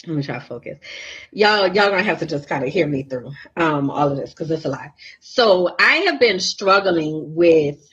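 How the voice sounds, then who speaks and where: A woman from New Orleans gives an earnest, confiding faith talk and calls her listeners y'all. Her voice sits fairly low. The sound is a dull, lo-fi playback of an old livestream. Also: expressive, moderate pace, fairly bright tone, breathy edge. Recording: lo-fi replayed livestream audio.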